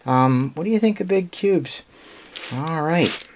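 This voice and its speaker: A man hosting his own puzzle channel, chatting casually through an unboxing in a hesitant, halting way, with frequent restarts and small laughs. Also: on the high side, animated, slight background noise.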